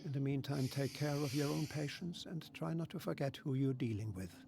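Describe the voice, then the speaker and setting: A man's voice: medium pitch, a little fast, creaky, lightly acted. An actor playing a smug, scheming male doctor with a German accent, speaking in a patronizing, condescending way in video game dialogue.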